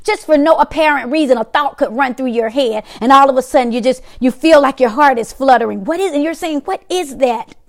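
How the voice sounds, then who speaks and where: Host: middle-aged woman, high voice, emphatic motivational teacher who repeats herself. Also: fairly quick, creaky, hardly any pauses. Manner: emphatic, repeats phrases, acts out reactions. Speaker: therapist hosting a weekly talk.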